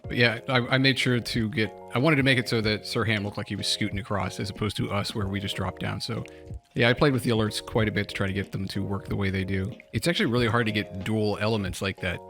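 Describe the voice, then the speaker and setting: A man's voice: on the low side, steady tone, fast talker, fairly bright tone, soft background music. A man co-hosting a live game stream, chatting casually and technically while joking. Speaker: streamer co-host.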